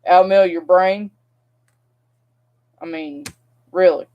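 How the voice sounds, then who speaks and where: A woman's voice: lowish voice, steady tone, slow pace, highs cut off, a little hiss or hum. A young woman, vlogging and venting in a rambling, frustrated way straight to her viewers. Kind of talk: casual vlog rant.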